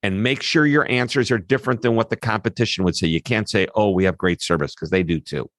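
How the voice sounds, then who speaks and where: A man, a guest expert on an interview, explaining his ideas in an animated way with quick asides. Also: lowish voice, dry recording, clean studio sound. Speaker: customer service expert guest. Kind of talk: interview answers.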